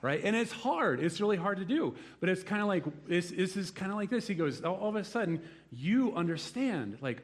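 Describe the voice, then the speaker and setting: A middle-aged man preaching a sermon in a conversational, animated way, acting out the voices in his stories. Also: fairly high pitch, moderate pace. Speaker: pastor.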